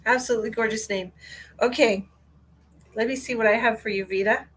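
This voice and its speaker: A woman's voice: a little high, steady tone, a little fast, slightly rough, rough recording. A woman working as a psychic medium, giving a live-streamed reading in a soothing voice and guiding her viewers through a short meditation.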